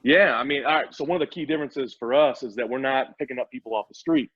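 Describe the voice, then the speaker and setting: A man's voice: mid-range voice, quick pace, fairly bright tone, husky, dry recording. Eager man explaining, dull dry audio. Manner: eager, explains at length with many restarts. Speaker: startup CEO interviewed as guest. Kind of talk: casual interview talk.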